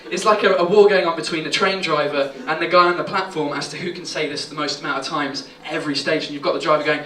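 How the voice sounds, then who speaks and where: A man's voice: a little high, steady tone, fast talker. A man doing a crude, chatty stand-up set, laughing at his own jokes. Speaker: stand-up comedian. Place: small comedy pub stage with audience. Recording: echoey room, distant mic, loud crowd.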